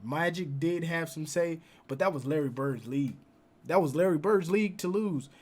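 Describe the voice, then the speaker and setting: A man's voice: on the high side, normal speed. A young man hosting a reaction video, talking casually with slang and arguing his points. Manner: casual, uses slang like "bro", argues points.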